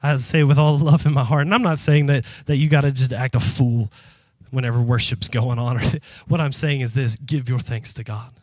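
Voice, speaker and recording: A man's voice: mid-range voice, fairly even intonation, a little fast, a little mellow, no echo. A man preaching a sermon as pastor, impassioned and emphatic, speaking straight to his congregation. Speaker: pastor and youth worker.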